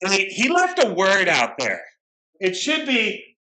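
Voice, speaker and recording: Bright-voiced man telling a candid, profane story. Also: high-pitched, wildly swooping pitch, a little slow, low-quality recording. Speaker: alumni speaker at a recovery meeting. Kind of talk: personal recovery story share. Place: meeting room with a camera following him.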